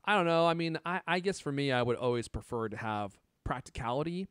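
A man's voice: mid-range voice, brisk, a bit bright, clean tone, dry recording, studio quality. A man in his thirties co-hosting a casual tech chat, joking and laughing often. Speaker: podcast co-host.

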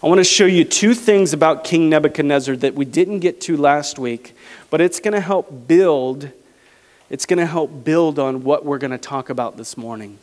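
A man with a fairly high voice preaches a sermon, slowing down to lean into each scripture phrase. His voice rings through a church sanctuary with a long reverb tail. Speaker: pastor.

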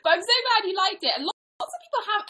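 A woman's voice: extremely high pitch, expressive, fast talker, pushed and bright, low-quality recording. A young woman co-hosting a casual livestream, giggly, playful and teasing. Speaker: livestream co-host. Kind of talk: casual chat.

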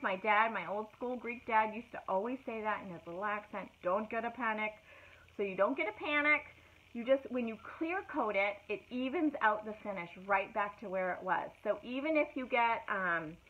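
A middle-aged woman, chatting casually as she demonstrates furniture painting on a live stream, full of fillers and greetings. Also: on the high side. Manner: chatty, many fillers, greets viewers by name. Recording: tinny phone-like audio with faint noise.

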